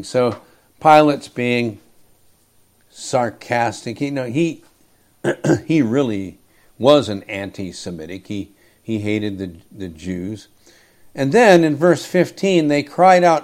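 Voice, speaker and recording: Man as a slow, emphatic sermon preacher, mid-pitched, throat-clearing, reads and comments on scripture. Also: expressive, a little mellow. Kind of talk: expository sermon.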